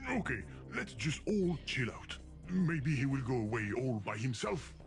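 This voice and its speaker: An actor voicing an anxious, fussy game program with an odd foreign-sounding accent, talking in a fretful, pleading way. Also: male voice, medium pitch, sing-song, unhurried. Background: game music.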